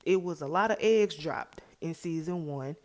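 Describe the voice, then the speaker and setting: A woman with a low, deep-set voice talks through a TV episode in a casual vlog recap. She is chatty and opinionated, pressing her points with emphasis. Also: moderate pace. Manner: chatty, retells scenes by acting out the characters' lines. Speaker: TV recap vlogger.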